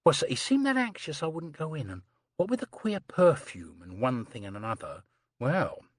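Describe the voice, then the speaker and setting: A man's voice: a little high, big pitch swings, normal speed, no room sound, clean studio sound. A man voicing a chatty, prim young housemaid who rattles on breathlessly, saying "sir" constantly. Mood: earnest. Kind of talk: audiobook character reading.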